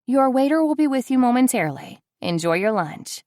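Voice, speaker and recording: A woman's voice: sits high, big pitch swings, fairly quick, no room sound, studio quality, voice pushed up. A woman reading the part of a perky, friendly young restaurant hostess, in an audiobook. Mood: perky polite. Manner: bright and polite.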